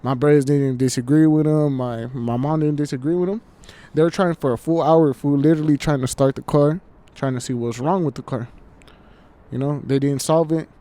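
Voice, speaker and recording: A man's voice: on the high side, fairly even intonation, moderate pace, warm tone. A man telling a story in a casual podcast chat, slangy and profane, calling everyone "fool" and piling on restarts. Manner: slangy, swears a lot, says "fool" constantly. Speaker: podcast co-host. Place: outdoors at night. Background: faint train.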